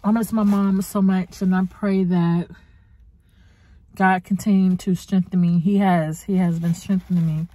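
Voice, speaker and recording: A woman's voice: fairly low pitch, steady tone, a little slow, mellow, no echo. A woman vlogger chatting to her viewers in a heartfelt, faith-filled way, calling them honey and y'all. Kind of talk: casual chat to camera.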